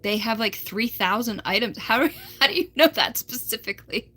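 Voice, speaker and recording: A woman's voice: a little high, expressive, normal speed, sharp tone, slightly rough. A young American woman chatting casually on a livestream, rambling and laughing as she answers her chat. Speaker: livestream host.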